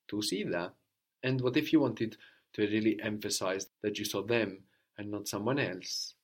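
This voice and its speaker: A man's voice: fairly low pitch, normal speed. A man teaching a language lesson, patiently prompting questions and repeating the learner's answers.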